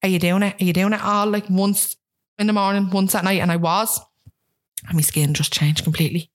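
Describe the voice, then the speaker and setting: At a medium pitch and a slightly quick pace, a woman of about thirty chats casually as a guest. She's animated and often acts out the voices of people she quotes.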